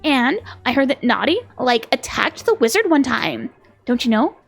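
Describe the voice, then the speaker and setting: A woman voicing a drowsy, gossipy female rhino in a video game, using a valley-girl lilt and vocal fry. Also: a little high, very animated, moderate pace, soft background music, heavily acted.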